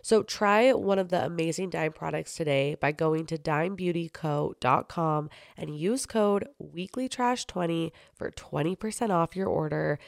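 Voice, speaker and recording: A woman in her thirties hosts a podcast and reads sponsor ads in a chatty, upbeat way. Her voice sits a little low and has a gravelly fry. The recording is dry and close, with no room sound. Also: no room sound. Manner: chatty, upbeat, quick bursts. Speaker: podcast host. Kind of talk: casual chat and ad reads.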